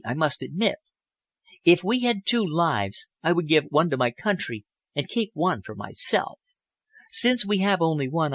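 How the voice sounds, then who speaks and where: A man voicing a poised, worldly young woman who speaks in a languid, elegant, gently persuasive way. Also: a little high, dry recording, voice pushed up.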